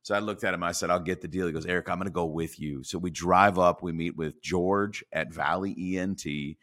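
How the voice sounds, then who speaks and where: A man's voice: sits low, fairly even intonation, a little fast, a bit bright. A man in his forties, a podcast guest, telling a career story and acting out the dialogue with animation.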